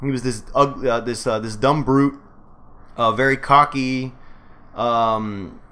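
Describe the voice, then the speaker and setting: A man chatting casually about movies, animated and putting on goofy voices as he retells scenes. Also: medium pitch, slow pace, clean tone.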